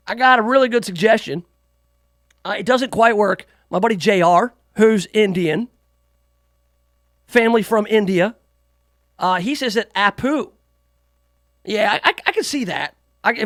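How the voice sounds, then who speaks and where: A man's voice: sits high, a bit bright, no room sound, studio quality. A man hosting a talk radio show, giving sarcastic, mocking political commentary.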